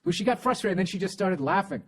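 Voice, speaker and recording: A man's voice: high-pitched, animated, fast, fairly bright tone. A man in his forties, a comedian hosting a podcast, telling stories in a casual, profane way and acting out other people's voices. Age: 40s. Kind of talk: casual storytelling chat.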